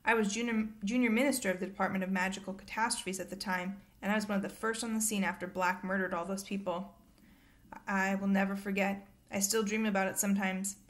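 A woman's voice: mid-range voice, fairly even intonation, quick pace, natural voice. A woman reading aloud and voicing a middle-aged male government minister who sounds pompous and shaken. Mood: solemn.

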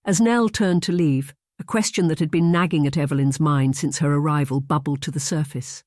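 An audiobook narrator reading a romance novel in an even, measured scripted style. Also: mid-range voice, dry recording, clean studio sound.

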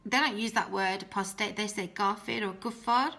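A young woman giving an emotional personal testimony, earnest and often dropping to a soft voice. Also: medium pitch, fairly even intonation, normal speed. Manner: earnest, emotional, drops soft and quiet when quoting herself. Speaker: guest telling her testimony.

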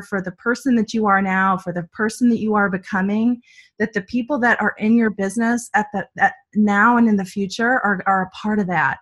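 A woman's voice: mid-range voice, fairly bright tone. A woman team leader sharing a personal story in earnest, motivational talk over a video call.

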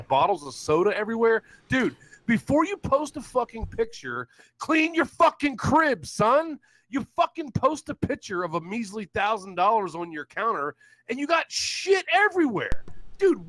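A young man ranting loudly on a live stream, swearing constantly and laughing in mockery. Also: high voice. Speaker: livestream host.

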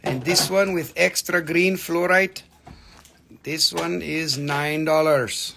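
A man runs a live sale with loose, jokey banter that rambles from one price to the next. His voice sits high for a man and has a gravelly, creaky edge. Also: fairly even intonation, takes it slowly, background noise. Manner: joking, rambling, playful. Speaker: host of a live mineral sales stream. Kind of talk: casual live selling banter.

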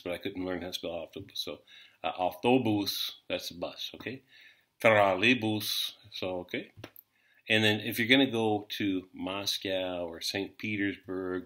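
A middle-aged man with an American accent teaches in a casual, rambling way, full of jokes and fillers. His voice sits low. The tone is bright and forward. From United States. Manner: rambling, joking, many fillers and restarts. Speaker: language teacher. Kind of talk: casual language lesson.

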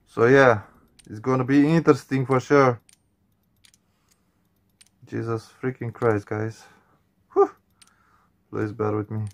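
A man's voice: mid-range voice, fairly even intonation, slow, gravelly, long pauses. A man doing reaction commentary on a horror game, jumpy and on edge, swearing often and addressing viewers as man and guys. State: nervous, on edge. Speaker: gaming channel host.

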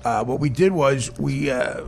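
A man hosting a comedy podcast, loud and profane, laughing and rambling through casual banter. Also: mid-range voice, animated, measured pace, creaky, slight background noise. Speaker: podcast host. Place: podcast studio.

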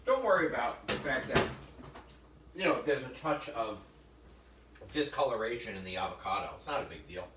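This chef has a medium-pitched, animated voice and talks a little fast, broken up by long pauses. He hosts a live cooking demo with chatty jokes and storytelling, frequently calling viewers "folks." A distant mic in a kitchen or library demo room gives a roomy sound with faint noise.

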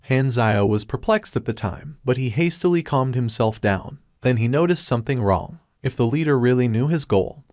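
A man reading a scripted story recap in an even, steady way. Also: medium pitch, normal speed, few pauses, no room sound, studio quality. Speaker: recap narrator.

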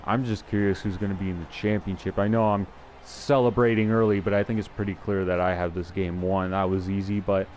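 A young man with a fairly low voice talks through his football video game as he plays. He is chatty and self-deprecating, thinks aloud and restarts his sentences, and a faint hum sits under his voice. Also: level tone, brisk, a little mellow. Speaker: gameplay commentator. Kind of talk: casual live gameplay commentary.

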